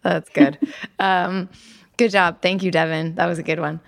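A woman's voice: on the low side, steady tone, gravelly, dry recording. Giggly woman co-host recapping. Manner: giggly, recaps plot briskly. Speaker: podcast co-host. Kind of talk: casual rewatch podcast chat.

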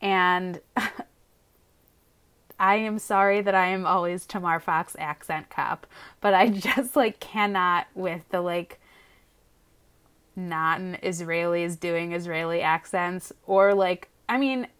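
Woman, casual podcast co-host, frank and rambling, a bit low in pitch. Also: slow, fairly bright tone, clean tone. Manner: hedging, filler-heavy, frank. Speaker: podcast co-host reviewing a TV show. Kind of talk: casual chat.

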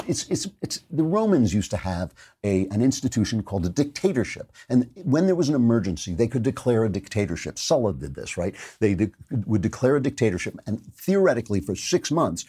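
A man's voice: fairly low pitch, warm tone, slightly rough. A man hosting a political commentary show, delivering a sarcastic, mocking opinion monologue.

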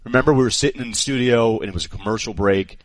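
A man co-hosting a radio show, telling animated stories and acting out quotes in a casual chat. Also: mid-range voice, rapid-fire, dry recording. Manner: animated storyteller, acts out quotes.

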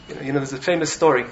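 A man giving an animated Torah talk as a rabbi in a study hall, often asking "right?" to his listeners. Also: medium pitch, lo-fi sound, a little hiss or hum. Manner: animated, keeps checking in with "right?". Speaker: rabbi teaching in a yeshiva.

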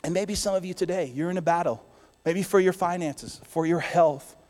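A man preaching a sermon as pastor to his church, swinging between loud declarations and hushed, soft passages. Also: high-pitched, moderate pace, big-room sound.

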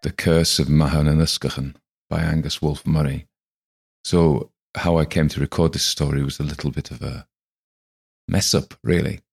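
A man's voice: rumbling low, flat delivery, moderate pace, gravelly, slightly rough, soft background music. A man hosting a story podcast, talking casually in a chatty, digressive way. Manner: chatty, digressive, self-deprecating. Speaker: podcast host and reader. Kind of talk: casual chat.

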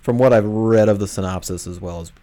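A man's voice: lowish voice, a little fast, mellow. A man co-hosting a podcast in casual chat, rambling and hesitant with a dry manner. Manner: rambling, hesitant, many fillers and restarts, dry. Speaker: podcast co-host.

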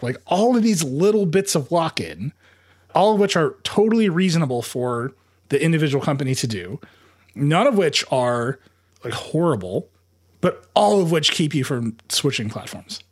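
Casting: male podcast host, slightly high voice, quick, laughing, full of restarts. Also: breathy edge. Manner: fast, laughing, thinks aloud with many restarts. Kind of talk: casual tech news chat.

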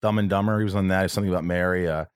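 A man with a very low, deep voice hosts a podcast, recorded close and dry. He talks casually and earnestly, rambling through a personal story with an emotional edge and frequent restarts. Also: steady tone, rapid-fire, clear, resonant tone, dry recording. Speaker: podcast host.

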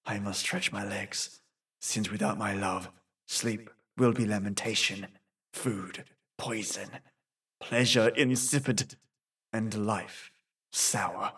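A man's voice: lowish voice, fairly even intonation, slow, fairly bright tone, slightly rough, recorded from a distance, pitched below the performer's own voice, full character voice. A man playing a grief-stricken young prince who wails a long, theatrical lament in a storybook. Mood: despairing.

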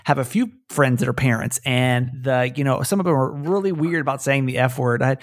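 A male podcast host talks casually with his mother, rambling and often stopping to restart a thought. His voice has a gravelly edge, and the sound is dry and close. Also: mid-range voice, fairly quick, dry recording. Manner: chatty, laughing, restarts sentences. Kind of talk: casual chat.

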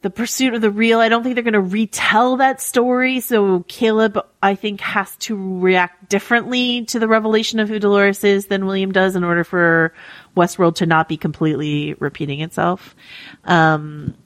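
A woman's voice: medium pitch, steady tone, moderate pace, dry recording. A woman co-hosting a podcast, talking casually with lots of fillers and restarts. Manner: chatty, many fillers and restarts. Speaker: podcast co-host.

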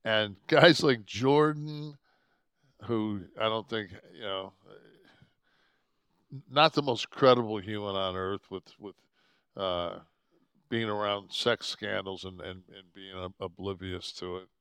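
A man co-hosting a podcast into a studio mic, with a deep voice, rambling and cursing often as he chats casually. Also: takes it slowly, fairly bright tone, clean tone, no room sound. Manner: rambling, swears often, restarts a lot. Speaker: podcast co-host. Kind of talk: casual profane chat. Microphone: podcast microphone.

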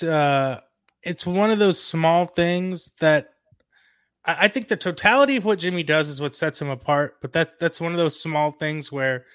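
A man guesting on a sports podcast as a writer, relaxed and easygoing, hedging with fillers. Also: on the high side, smooth, no room sound, clean studio sound. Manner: laughs easily, hedging with fillers. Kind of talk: casual podcast interview.

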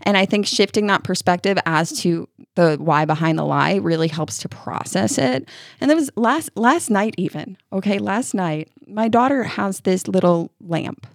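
Middle-aged woman, parenting podcast co-host, lively storyteller, mid-range voice, dry close mic. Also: mid-range voice, gravelly, dry recording. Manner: expressive storytelling with quick restarts. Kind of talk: casual chat.

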